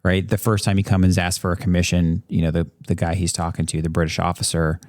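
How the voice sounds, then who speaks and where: A man's voice: deep voice, level tone, fast, darkish tone, dry recording, clean studio sound. A man co-hosting a history podcast, chatting about a film in a conversational, enthusiastic way. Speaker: podcast co-host. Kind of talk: casual history discussion.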